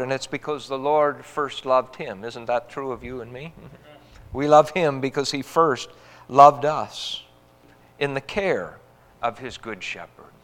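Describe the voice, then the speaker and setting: A man's voice: medium pitch, fairly bright tone. Preaching man in a reverberant hall. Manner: earnest preaching, rising emphasis on quoted scripture. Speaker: pastor. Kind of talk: sermon.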